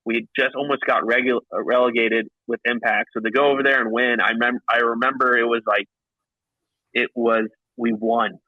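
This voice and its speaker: Animated man on a dull call line. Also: normal speed, no echo. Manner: animated, acts out quotes with pitch jumps and frequent restarts. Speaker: podcast guest, professional paintball player. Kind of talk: casual storytelling chat. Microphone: remote call line.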